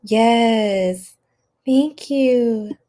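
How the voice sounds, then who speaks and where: Giggly, slow-talking woman with a high voice. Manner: bubbly and giggly, laughing often; gasps and squeals with excitement. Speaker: tarot reader hosting a livestream. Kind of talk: live chat with viewers.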